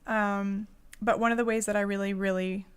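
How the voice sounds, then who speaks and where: A woman's voice: medium pitch, little pitch movement, moderate pace, clear, resonant tone. A woman hosting a casual business-coaching podcast, chatty and storytelling, laughing often.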